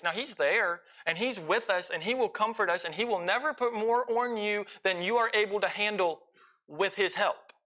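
A man preaching a sermon with impassioned delivery, swinging between loud pleading and quiet intensity. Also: high-pitched. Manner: impassioned, rising and falling in volume; emotional.

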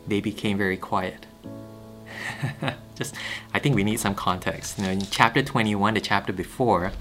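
A man hosting a daily Bible reading show, reading scripture and chatting about it in a relaxed way with lots of fillers and quick laughs. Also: lowish voice. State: a bit sleepy. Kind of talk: casual Bible reading and commentary.

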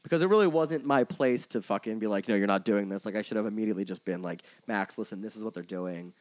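A man's voice: fairly low pitch, fast talker. A man guesting on a podcast about his work in music merchandising and touring, telling a story in a casual, rambling way, full of "like" and swearing, candid and openly emotional. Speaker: tour manager and merch coordinator guest.

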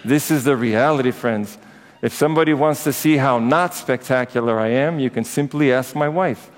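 A man's voice: mid-range voice, normal speed. A priest giving a conversational sermon to his congregation, with personal asides. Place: church. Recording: echoey church with long reverb.

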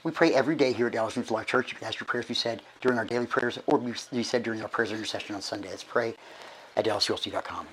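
A middle-aged man gives casual church announcements as archbishop, hoarse and short of breath, chatty and folksy with halting restarts. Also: lowish voice, a bit bright, a little hiss or hum, low-quality recording. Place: church sanctuary.

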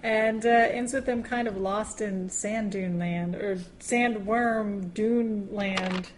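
A woman's voice: mid-range voice, steady tone, takes it slowly, slight background noise. A woman co-hosting a podcast, chatting casually and laughing often. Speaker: podcast co-host. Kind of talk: casual chat.

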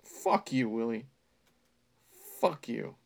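A man's voice: medium pitch, very animated, takes it slowly, creaky. A man doing a comedic read-aloud of bad fan fiction, breaking off into sarcastic, exasperated, profane asides. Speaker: reader.

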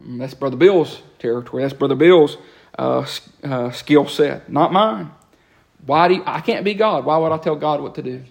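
A man, preaching a lively sermon in a church and breaking into quick asides and repeated words. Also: on the high side, creaky. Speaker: pastor. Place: church sanctuary.

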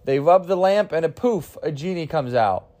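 A man's voice: on the high side, expressive, normal speed, dark tone. A man in his twenties, tired and losing his voice, telling a joke in a rambling, self-deprecating podcast monologue with frequent restarts and casual swearing. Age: 20s. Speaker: podcast host.

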